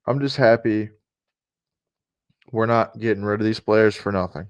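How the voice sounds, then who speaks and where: A man's voice: lowish voice, normal speed, pauses often, smooth. A man casually talking through a live sports stream, repeating himself and muttering asides. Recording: dull lo-fi stream audio.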